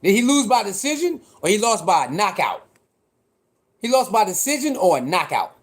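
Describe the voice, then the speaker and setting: Chatty high-voiced man streaming live. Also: very animated, moderate pace, husky. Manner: chatty, repetitive, reacting to boxing news with slang. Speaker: livestream host. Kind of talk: casual livestream chat.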